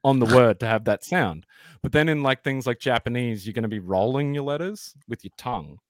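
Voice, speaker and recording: A man's voice: medium pitch, a little fast, no echo, studio quality. A man with an Australian accent, a podcast guest rambling through casual explanations with plenty of fillers. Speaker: podcast guest, former band vocalist.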